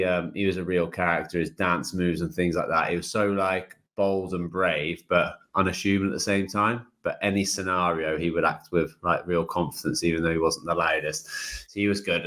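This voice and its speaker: A British man with a very low voice, chatting easily on a podcast. He tells loose, rambling stories and drops "mate" into his sentences. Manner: relaxed storytelling, says "mate" often. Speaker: podcast co-host, ex-footballer. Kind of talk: casual chat.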